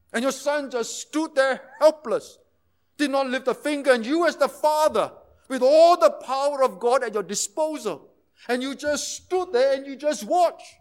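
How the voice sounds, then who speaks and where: A man preaching a sermon, moving between quiet explanation and impassioned, emphatic retellings, sometimes dropping almost to a hush. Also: very high voice. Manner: impassioned, rising to emphatic intensity then dropping to near-hushed tones.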